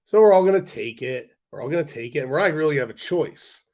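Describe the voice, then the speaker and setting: A man's voice: on the high side, lively intonation, fast, a little mellow. Congested man ranting on a livestream. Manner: rambling, irreverent, blunt, swears freely. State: losing his voice, congested. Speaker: stock market livestream host. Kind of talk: casual livestream rant to viewers.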